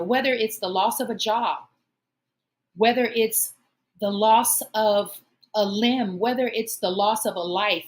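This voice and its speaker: Woman host, fairly high voice, heartfelt encouraging monologue, earnest delivery. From Omaha, United States. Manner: earnest, encouraging, emotional at times. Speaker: show host.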